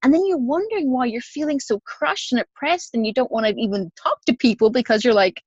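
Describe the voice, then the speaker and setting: A woman co-hosting a podcast, telling stories in an animated way with frequent laughs during a casual spiritual chat. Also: a little high, a little fast, breathy edge, dry recording, lo-fi sound. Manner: animated storytelling, laughs often. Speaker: podcast co-host.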